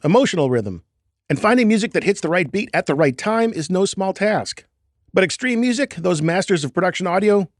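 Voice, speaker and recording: A man's voice: high-pitched, dry recording, studio quality. A man hosting a podcast about film editing, playful and self-mocking as he introduces guests and reads an ad. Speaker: podcast host.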